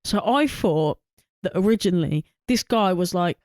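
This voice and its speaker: A woman co-hosting a film podcast, talking in an animated way, acting out her own reactions with exclamations. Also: medium pitch, brisk, no room sound, studio quality. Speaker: podcast co-host. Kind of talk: casual film discussion.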